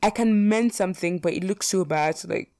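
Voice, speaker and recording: Talking quickly and a touch mellow, this young adult vlogger runs through would-you-rather options in a casual, filler-heavy style, dropping blunt takes and the odd curse. Her pitch is slightly low for a woman, and the sound is dry and close-miked without any room reverb.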